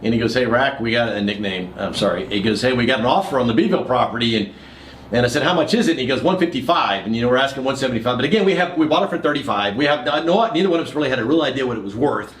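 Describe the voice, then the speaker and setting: A man from San Antonio, a guest broker on a podcast, quickly retelling an old deal in a casual chat. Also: mid-range voice, expressive, fairly bright tone, echoey room. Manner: quick, chatty, quotes a partner's dialogue. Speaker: guest, commercial real estate broker.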